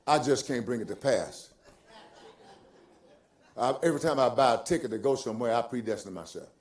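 An older male pastor preaching a sermon, moving from soft, musing asides to loud, drawn-out emphasis, repeating phrases and chuckling as he goes. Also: medium pitch. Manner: swings from quiet musing to loud, stretched-out emphasis.

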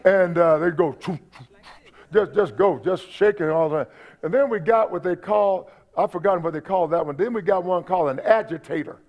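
A man's voice: sits high, brisk. A man preaching a sermon as pastor, folksy and humorous, repeating his points and talking to the congregation. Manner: preaching with repetition and audience asides. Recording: dull lo-fi church recording.

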